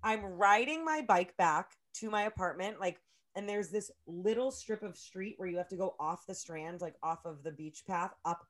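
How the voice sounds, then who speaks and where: A young woman co-hosting a podcast, telling a story in a loose, animated and profane way, full of filler words. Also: fairly low pitch, moderate pace. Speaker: podcast co-host. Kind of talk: casual chat, storytelling.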